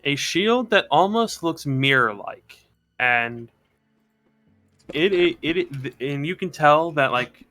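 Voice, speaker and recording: A man narrating as game master, halting and rambling with many fillers. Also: on the high side, lively intonation, sharp tone, faint music behind. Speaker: dungeon master.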